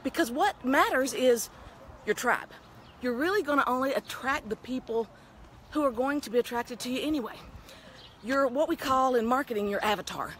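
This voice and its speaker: A middle-aged woman with a Texan accent talks into a handheld phone as she walks outdoors. Her fairly high voice rises and falls with lots of life. Her delivery is chatty and folksy, with a faint hiss behind it. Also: expressive, moderate pace, fairly bright tone. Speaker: vlogger. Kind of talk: casual talking-head vlog. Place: outdoors on a town street, walking.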